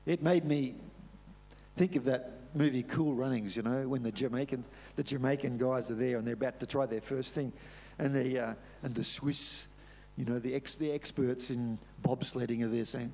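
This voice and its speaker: A man's voice: medium pitch, steady tone, moderate pace, creaky, mellow. A middle-aged Australian man preaching a sermon, telling a story earnestly and pressing points home by repetition. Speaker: pastor.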